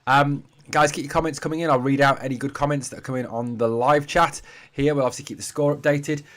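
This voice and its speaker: A man with a northeast English accent talks through a live football watch-along from his home streaming setup. His pitch is mid-range for a man, and he keeps up a chatty, casual patter, calling his viewers mate and guys between comments. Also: fairly even intonation, fast talker, fairly bright tone. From Durham, northeast England. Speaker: football fan channel host. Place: home room being packed up for a move.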